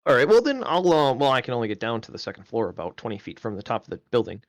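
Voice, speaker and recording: A man's voice: medium pitch, very animated, racing, dry recording, studio quality. A man playing a tabletop game on a live stream, thinking aloud with many questions and ums. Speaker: player.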